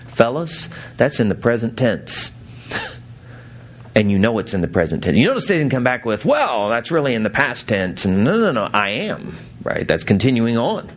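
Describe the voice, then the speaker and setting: A man preaching a sermon, telling stories with laughs and acting out quotes. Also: mid-range voice. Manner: storytelling with laughs and acted quotes. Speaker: pastor.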